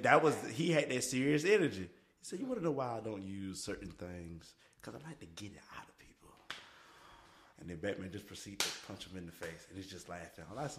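Playful man hosting, echoey room. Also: fairly low pitch. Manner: playful, animated, joking. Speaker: podcast host. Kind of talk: casual chat. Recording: echoey room with faint noise.

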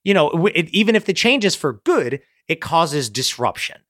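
Profane, animated man with a dry voice. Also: fairly high pitch, moderate pace, dry recording. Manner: animated, profane, acts out characters' lines. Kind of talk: casual brainstorming chat.

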